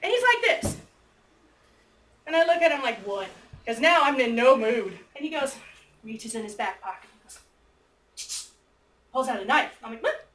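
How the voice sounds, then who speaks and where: A woman teacher telling a story to her class with lively energy, acting out both sides and breaking into squeals and shouts. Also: sits high, normal speed, pauses often. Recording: echoey room, mic far off, faint noise.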